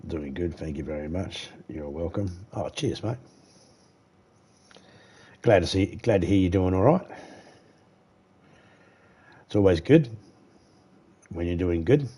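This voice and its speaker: A man's voice: deep voice, lively intonation, slow pace, pauses often, dark tone, husky. An Australian man chatting casually while streaming a game live, rambling easily and greeting viewers by name.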